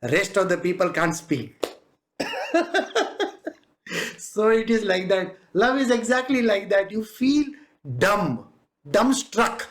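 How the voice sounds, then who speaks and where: A spiritual teacher with an Indian English accent speaks slowly in a mid-range voice, with long pauses, during a devotional discourse. Despite that, the tone is lively and conversational: frequent laughs, Hindi asides, and animated impressions of the people being described.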